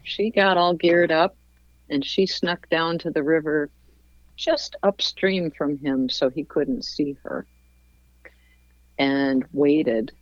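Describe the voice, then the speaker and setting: A woman telling a long personal anecdote in a relaxed interview, acting out the voices of the people in it. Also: deep voice, no echo, dull audio. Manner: slow, warm anecdote-telling with voiced quotes and laughs. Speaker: guest. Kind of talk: storytelling in a casual interview.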